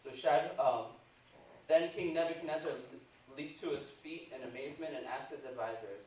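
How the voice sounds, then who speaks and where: Casting: male preacher, lively storytelling sermon, distant mic, faint hiss. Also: mid-range voice, moderate pace, heavy reverb. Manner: animated storytelling, frequent "right?" asides. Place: church.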